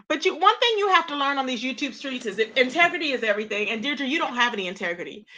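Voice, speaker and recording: A woman's voice: high-pitched, sing-song, fairly quick, pushed and bright, highs cut off. A woman hosting a casual gossip livestream who talks to her viewers, greets them by name and calls them babe and child, with features. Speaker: YouTube commentary livestream host.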